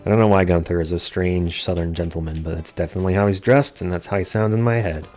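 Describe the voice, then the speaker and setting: A man's voice: deep voice, steady tone, fast talker, darkish tone, faint music behind. A man giving casual, jokey let's play commentary with self-deprecating asides.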